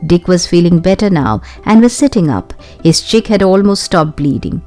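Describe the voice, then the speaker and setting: A woman reading a children's adventure novel aloud as an audiobook, expressive and lively, lifting her voice for the young characters. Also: normal speed, hardly any pauses, soft background music. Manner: expressive, raises her pitch for the children's lines. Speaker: audiobook narrator. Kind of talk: storybook narration with character voices.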